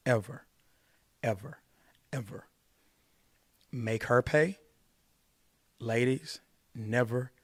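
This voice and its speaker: A man's voice: medium pitch, no echo, studio quality. A man hosting a podcast, giving dating advice in an emphatic, preachy way and repeating his points for force. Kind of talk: casual podcast talk.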